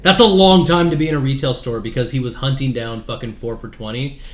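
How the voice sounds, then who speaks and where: A man's voice: medium pitch, fairly quick. A man co-hosting a casual podcast chat, ranting bluntly and profanely, exaggerating for effect. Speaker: podcast co-host; game store clerk. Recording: echoey room with faint noise.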